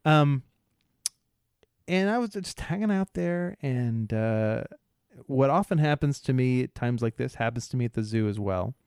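A man co-hosting a podcast, telling a rambling story in casual chat, halting often, laughing, and imitating bystanders' voices. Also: medium pitch, animated, a little mellow, clear, resonant tone, no room sound, clean studio sound. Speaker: podcast co-host.

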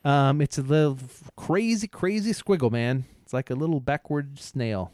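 A man co-hosts a podcast in easy, joking chat, often tripping over his words and starting again. His voice sits in a middle pitch. It is recorded dry, with no room sound. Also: steady tone, normal speed, darkish tone, dry recording. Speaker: podcast co-host. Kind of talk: casual chat.

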